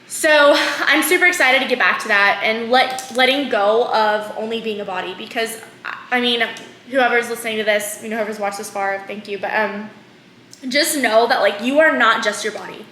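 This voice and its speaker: A vlogger in her twenties talks candidly to camera in an emotional, casual confessional, packed with fillers and often close to tears. Her voice is a little high and sharp, at a moderate pace, in an echoey room with slight background noise.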